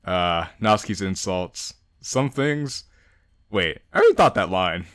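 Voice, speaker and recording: Animated young man reading a game aloud. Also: deep voice, unhurried, dry recording, clean studio sound. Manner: animated, laughs often, reads and jokes. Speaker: gaming channel host. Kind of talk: casual let's-play narration of a visual novel.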